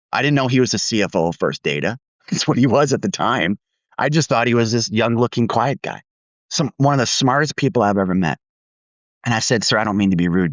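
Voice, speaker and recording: A candid, self-deprecating man tells a workplace story in a low voice, laughing now and then as he goes. The sound is dull and dry, with a slightly lo-fi feel. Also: no echo. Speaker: podcast co-host. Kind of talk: storytelling podcast chat.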